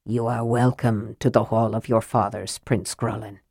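A woman's voice: rumbling low, little pitch movement, normal speed, a little mellow, breathy edge, dry recording, studio quality, pitched below the performer's own voice, full character voice. A woman voicing an older male dwarf chieftain who speaks politely but proudly and without fear. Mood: dignified.

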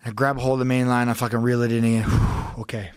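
A man telling a story as a podcast guest, with heavy swearing and rising intensity as he relives every moment. His voice sits at an ordinary middle pitch and comes through a close, dry mic with no room sound. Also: level tone, rapid-fire, clean tone, dry recording. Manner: profane, vivid, intense recounting. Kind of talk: casual storytelling.

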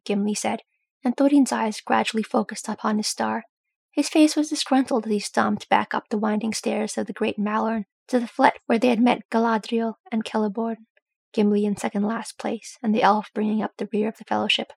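Husky, gravelly woman narrating a story. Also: mid-range voice, level tone, normal speed, darkish tone, dry recording. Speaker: audiobook narrator.

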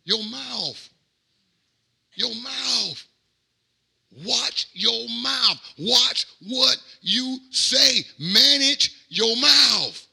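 A middle-aged man, a pastor, preaching a sermon in a rhythmic cadence that swings from quiet asides to shouted peaks. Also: extremely high pitch, animated, very slow, gravelly, husky.

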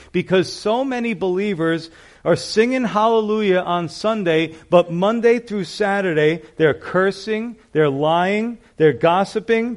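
Man preaching a conversational sermon. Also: high voice. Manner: storytelling, conversational with frequent asides. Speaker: pastor.

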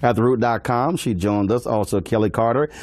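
A man's voice: mid-range voice, brisk, darkish tone. A man hosting a panel show, teasing his guests in a boisterous, joking way and laughing as he talks. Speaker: talk show host. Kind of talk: lively panel banter.

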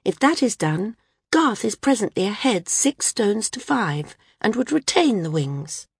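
A woman voicing an apologetic female judge who explains the dispute in a measured, placating way. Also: mid-range voice, sing-song, breathy edge, dry recording, clean studio sound, pitched above the performer's own voice, full character voice. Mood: explaining.

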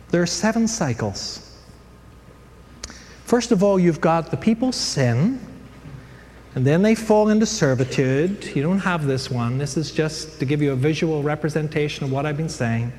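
Animated male Bible teacher in a hall. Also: mid-range voice. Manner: animated storyteller, jokes, many fillers. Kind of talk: casual Bible class lecture. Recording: hall reverb, faint background noise.

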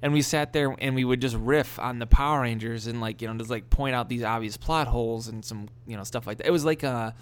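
A man's voice: medium pitch, smooth. Rambling man in casual chat. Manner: rambling, halting, laughs often. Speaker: podcast co-host. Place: living in the American South.

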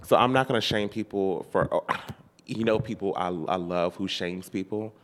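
A man co-hosting a podcast in casual chat, sassy and dramatic, leaping far up in pitch when he mocks someone. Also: moderate pace, long reverb tail. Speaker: podcast co-host.

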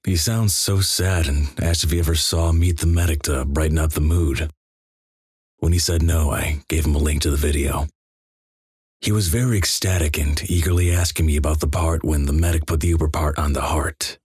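Very deep, husky man reading deadpan. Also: normal speed, dry recording, studio quality. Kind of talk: reading a greentext story.

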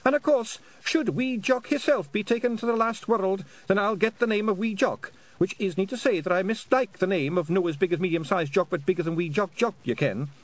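Man doing a squeaky, earnest Scottish pixie. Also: brisk, hardly any pauses, lightly acted. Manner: earnest, eager to help. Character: tiny earnest male pixie warrior.

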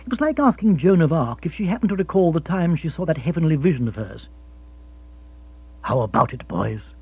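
Husky, lively audiobook narrator. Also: male voice, a little high, fast. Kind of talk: scripted narration of comic fiction. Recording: dull lo-fi sound.

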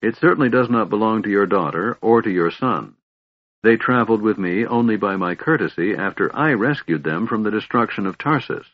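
A man's voice: lowish voice, very animated, moderate pace, breathy edge, voice pushed up, full character voice. A man voicing a proud human knight who speaks in a cold, formal, unbending way. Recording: dull, lo-fi audiobook recording.

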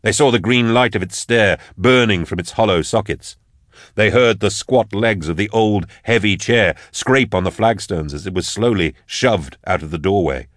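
A man narrating a dark fantasy story with measured, dramatic delivery. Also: on the low side, no room sound, clean studio sound. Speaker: audiobook narrator. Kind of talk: scripted narration.

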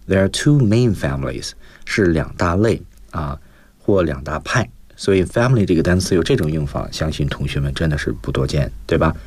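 Low-voiced man teaching English on radio. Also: expressive, a little fast. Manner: explaining, stressing points with "啊". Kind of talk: bilingual radio English lesson.

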